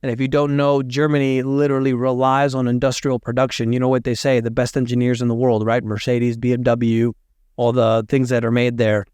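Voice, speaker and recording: A man giving casual commentary on market and economic news, thinking aloud, hedging his facts and doing quick math as he talks. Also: mid-range voice, little pitch movement, a little mellow, smooth, no room sound.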